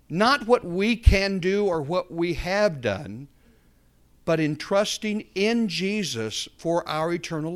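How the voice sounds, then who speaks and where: A man preaching a sermon, telling a story and then building to fervent emphasis. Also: on the high side. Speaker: pastor.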